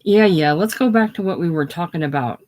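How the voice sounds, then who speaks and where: A reader doing a calm, needling young man. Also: medium pitch, a little fast, a little hiss or hum, lightly acted. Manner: calm, gently teasing. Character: patient, needling young male friend. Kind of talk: casual play reading.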